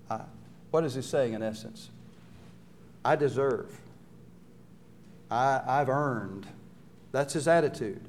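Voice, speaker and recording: A man preaching on a Bible story, with a middle-pitched voice. He often turns to his listeners with rhetorical questions. He briefly acts out the quoted lines as he tells the story. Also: takes it slowly, pauses often. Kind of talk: sermon.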